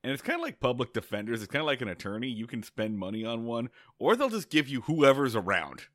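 A man's voice: medium pitch, big pitch swings, fast talker, a bit bright, no echo, studio quality. A man co-hosting a casual podcast, telling a rambling story with many restarts and laughs. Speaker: podcast co-host.

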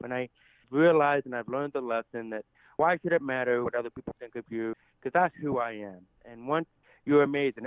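Heard as a guest on a podcast, this American man has a deaf accent and a mid-range, smooth voice. The recording is dry and tinny like a phone call, and his casual interview talk is heartfelt, gushing and grateful.

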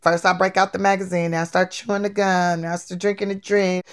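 A middle-aged woman, a comedian guest, telling stories in a playful, animated, casual way. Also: on the low side, a little fast. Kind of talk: casual storytelling.

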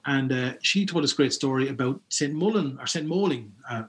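A man's voice: medium pitch, animated, fairly quick, fairly bright tone. A man with an Irish accent, chatting casually about folklore he collected, rambling with lots of restarts and asides. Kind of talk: casual storytelling chat.

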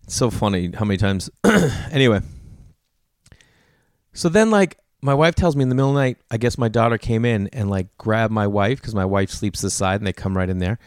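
Talking fairly quickly in a lowish voice, this man hosts a podcast on his own, chatting casually and cursing freely. He's an animated storyteller who performs family dialogue, and the recording has studio quality with no room sound.

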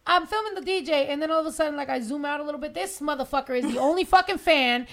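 A woman guest tells a story on a podcast in a high voice, the words tumbling out fast. She swears freely and acts out each person in the tale. It is loose, casual chat. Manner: animated, profane, acts out the people in her stories.

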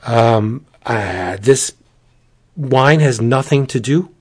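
A man's voice: mid-range voice, lively intonation, slow pace, slightly rough. A man hosting a casual podcast, joking and rambling through a sponsor read with playful asides. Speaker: podcast host.

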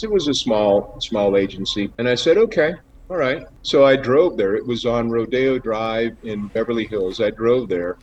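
A man guest on an interview, telling rambling stories with many fillers and laughs. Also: on the low side. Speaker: actor guest. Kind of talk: casual interview storytelling. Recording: dull lo-fi with faint noise.

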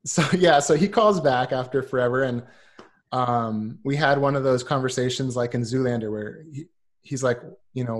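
A man's voice: medium pitch, moderate pace. A man in his thirties chatting as a podcast guest, telling stories with lots of ums and acting out what others said. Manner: animated, acts out quoted voices, many ums. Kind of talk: casual storytelling chat.

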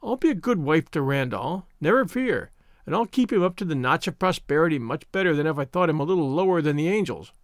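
A man's voice: a little high, expressive, brisk, no echo, studio quality, lightly acted. A man voicing a proud, frank young woman of twenty-two who teases her younger cousin, read as an audiobook figure. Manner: frank, teasing, worldly. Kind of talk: audiobook reading.

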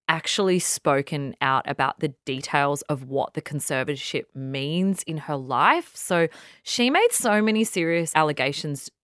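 A woman's voice: sits low, fairly bright tone, clear, resonant tone, no room sound, studio quality. A woman co-hosting a casual podcast chat, earnestly retelling news in long lists. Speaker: podcast co-host.

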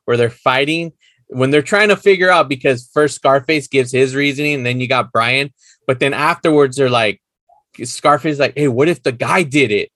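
A man co-hosting a podcast in casual chat, animated and laughing often as he acts out scenes. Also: mid-range voice, normal speed, no room sound, clean studio sound. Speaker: podcast co-host. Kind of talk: casual chat recapping a show.

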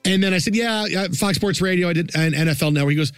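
A man co-hosting a casual sports podcast, telling an animated story and acting out what people said. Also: on the high side, fast talker, dry recording. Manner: animated storyteller, acts out quotes. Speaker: podcast co-host.

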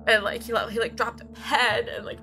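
A woman's voice: fairly high pitch, level tone, brisk, pushed and bright, soft background music. A woman playing a scattered self-absorbed podcaster. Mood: rambling. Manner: rambling, lots of "like", self-centered. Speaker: podcast host playing a true crime dummy. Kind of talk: improvised comedy podcast.

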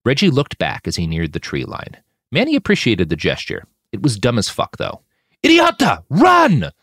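A man reads his own fiction aloud as a scripted, dramatic narration. His voice sits very low but swings widely in pitch, and the close recording is dry and free of room sound. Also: huge pitch swings, a little fast, no room sound. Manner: dramatic storytelling with rising tension. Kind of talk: scripted audiobook-style narration.

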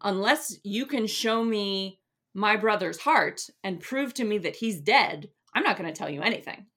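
A woman's voice: medium pitch, expressive, normal speed, a bit bright. A woman voicing a defiant captive warrior who answers with scorn.

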